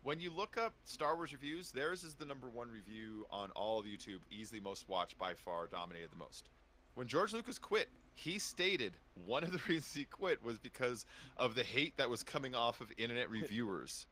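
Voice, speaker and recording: A man's voice: mid-range voice, lively intonation, moderate pace, sharp tone, slight background noise. A man hosting a gaming stream, chatting casually in a rambling way full of fillers. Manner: rambling, filler-heavy, lots of "like". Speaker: streamer host.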